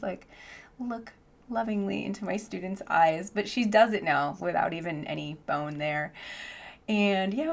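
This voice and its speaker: A woman teaching English online, chatting casually in a vlog with lots of "like" and easy laughter, speaking into a boom headset mic from her home office. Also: gravelly. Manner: chatty, says "like" often, laughs easily.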